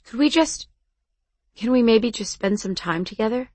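A woman's voice: mid-range voice, no echo, lightly acted. Woman reading as a stammering teenage boy. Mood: nervous. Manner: halting, stammering restarts. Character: nervous earnest teenage boy. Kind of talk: audiobook dialogue.

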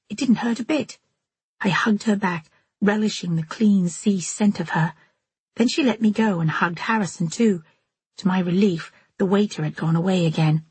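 A woman narrating a novel in the first person at a measured, steady reading pace. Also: medium pitch, husky, no echo. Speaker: audiobook narrator.

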